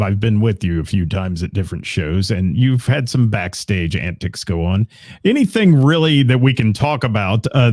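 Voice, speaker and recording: Male radio host, low-ish, friendly interviewer, close dry mic. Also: a little mellow, dry recording. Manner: friendly, prompting questions. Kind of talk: casual interview.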